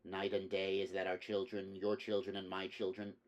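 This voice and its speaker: A man reading a low-voiced undercover cop speechifying. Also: monotone, normal speed, a little mellow, dull audio, lightly acted. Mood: oratorical. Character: undercover male officer giving a rote speech.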